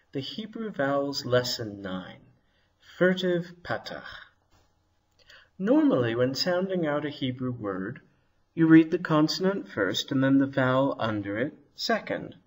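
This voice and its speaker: A man teaching a video lesson on Hebrew vowels, slowly and carefully sounding out each word. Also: mid-range voice, very animated, breathy edge. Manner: slow, careful sounding out of words.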